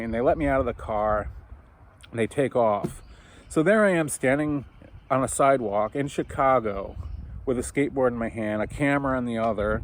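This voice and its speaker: A man's voice: medium pitch, slight background noise. Man telling a story casually, swearing. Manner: animated, swearing, acts out quoted voices.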